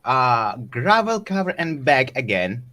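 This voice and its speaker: Lively man playing a tabletop game. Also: mid-range voice, unhurried. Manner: animated, laughing, playful. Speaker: player. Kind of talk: casual tabletop play.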